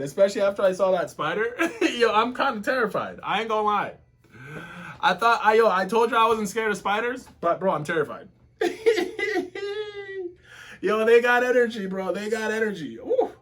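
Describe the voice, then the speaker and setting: A man giving excited reaction commentary on a webtoon from his office, slangy and full of exclamations. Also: high-pitched. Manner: exclaims constantly, slangy and animated. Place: home office.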